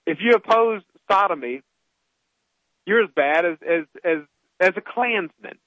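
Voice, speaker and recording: A male talk radio host with a high, keyed-up voice that rants and stumbles through heated commentary. The sound is dry and dull, like lo-fi broadcast audio. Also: expressive, unhurried, dry recording. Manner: heated, ranting, many restarts.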